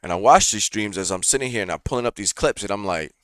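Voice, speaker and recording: A man's voice: fairly low pitch, fast talker, no echo. A man hosting a reaction show, ranting in casual, profane commentary with lots of fillers, recorded close on a studio mic. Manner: profane, animated rant with frequent fillers.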